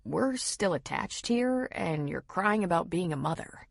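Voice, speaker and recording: Teasing young husband, read by a woman; husky, expressive delivery. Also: measured pace, no echo, clean studio sound, exaggerated voice. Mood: reassuring. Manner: playful, low teasing.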